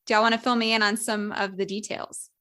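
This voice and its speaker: A woman's voice: mid-range voice, little pitch movement, fast talker, a bit bright. A woman co-hosting a podcast in casual chat, light and giggly, a little tentative. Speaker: podcast co-host.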